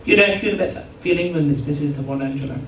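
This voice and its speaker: A man's voice: fairly high pitch, racing, fairly bright tone, slight background noise. An English man telling a comic story to a live audience, chatty and teasing, playfully pompous, recorded from a distance in a hall. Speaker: comedy entertainer. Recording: echoey hall from far off, crowd.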